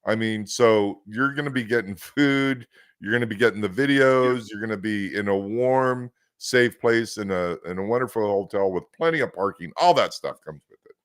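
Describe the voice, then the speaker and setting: A chatty host with a West Coast American accent, talking in a lowish voice. He tells stories in a loose, rambling way with frequent restarts. The sound is dry and close. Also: moderate pace, no room sound. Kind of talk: casual podcast chat.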